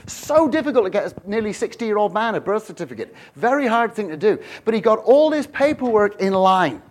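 Middle-aged male preacher, high-pitched, animated storyteller. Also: brisk. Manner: animated storytelling, swings from hushed to shouting. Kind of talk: sermon.

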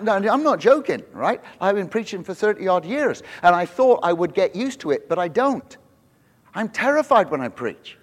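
A middle-aged male pastor preaching a sermon in church, telling the story with lively acted-out quotes and frequent restarts. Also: high voice. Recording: long hall reverb.

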